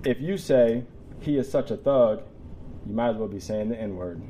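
A man's voice: medium pitch, normal speed, mellow, a little hiss or hum. A man in his forties giving a personal talk to a live audience. He is emotional, tears up, and laughs between lines. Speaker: public speaker. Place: room with an audience.

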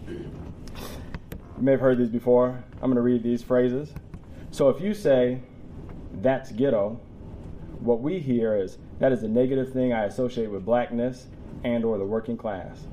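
A man in his forties speaks to a live audience in a room. His voice sits at a medium pitch and carries a lot of emotion. He tears up and laughs between lines, and faint background noise sits under the recording. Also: steady tone, normal speed, long pauses, mellow. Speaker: public speaker. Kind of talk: personal talk to a live audience.

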